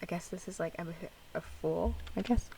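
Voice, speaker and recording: A woman's voice: on the low side, normal speed, gravelly, mellow, far from the mic, a little hiss or hum, rough recording. A young woman casually reacting to a music video, chatty and giggly, rambling with lots of fillers.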